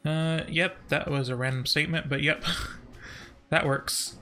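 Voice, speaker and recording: A man's voice: fairly high pitch, fairly even intonation, a little slow, pushed and bright. A man rambling on a live stream, reading chat and joking about himself with frequent giggles. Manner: giggly, self-deprecating, joking.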